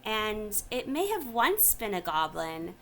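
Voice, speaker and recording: Slow, lilting woman game master. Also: mid-range voice, very animated, a bit bright, a little hiss or hum. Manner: playful, descriptive narration. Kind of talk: narrating a tabletop game.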